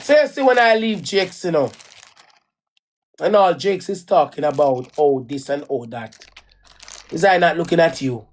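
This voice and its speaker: A woman's voice: low voice, animated, normal speed, pauses often, a little mellow. A woman with a Jamaican accent telling a personal story in a casual, rambling rant, repeating herself and swearing bluntly. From Caribbean. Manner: rambling and repetitive, restarts and repeats phrases. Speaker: vlogger.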